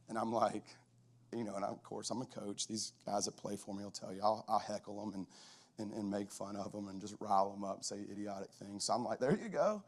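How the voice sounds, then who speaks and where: A middle-aged man, a football coach, giving a conversational storytelling talk at a chapel, lively and full of restarts. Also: lowish voice.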